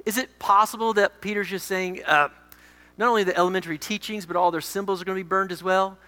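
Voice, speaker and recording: A man preaching a sermon as pastor, emphatic, moving between loud declarations and quiet asides. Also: sits high, fairly even intonation, fast talker, big-room sound.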